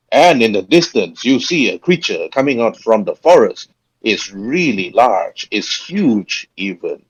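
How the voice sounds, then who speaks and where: A man running a tabletop game as game master, talking in a halting way with frequent chuckles. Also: lowish voice, big pitch swings, slightly rough, rough recording.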